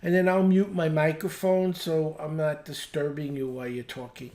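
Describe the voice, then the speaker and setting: A woman's voice: sits low, fairly even intonation, normal speed, warm tone. A woman leading a small club's business meeting over a video call, talking informally and hesitantly as she checks her calendar aloud. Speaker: club meeting leader.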